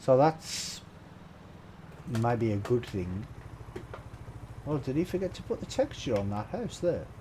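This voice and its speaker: Brummie man, laid-back streamer who chats to viewers as he plays and laughs a lot, mellow tone, mid pitch. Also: sing-song, measured pace, pauses often, slight background noise, low-quality recording. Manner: chatty, laughs often, greets viewers while playing. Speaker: game streamer. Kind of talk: casual live-stream commentary.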